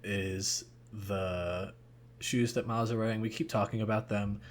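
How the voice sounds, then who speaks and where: A man's voice: on the low side, steady tone, measured pace, a little hiss or hum. A young man co-hosting a podcast in casual chat, rambling and hesitant with many fillers. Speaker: podcast co-host.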